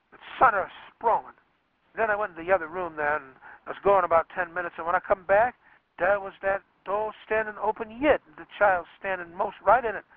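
A man's voice: high voice, no echo, lightly acted. A man voicing a remorseful, grieving father who tells his story in a drawling Southern US rural dialect and rises to anguished cries. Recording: dry, tinny phone-like radio sound.

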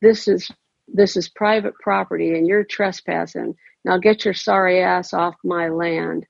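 A woman's voice: fairly low pitch, fairly even intonation, a little slow, gravelly, dry recording, muffled recording, full character voice. A woman voicing a hostile, foul-mouthed older woman who guards her land, with a coarse rural way of talking. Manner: coarse, snarling rural talk.

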